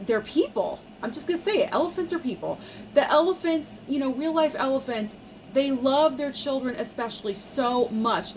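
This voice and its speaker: A woman's voice: on the high side, slight background noise, rough recording. Emphatic woman gushing about movies. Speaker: movie vlogger. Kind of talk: casual movie review vlog.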